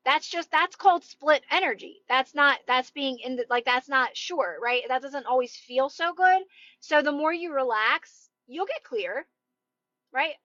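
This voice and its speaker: A loud woman with a high voice gives emphatic, reassuring advice to her viewers in a casual live stream. The sound is dry and a little dull, like phone audio. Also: expressive, a little slow, no echo. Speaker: manifestation coach.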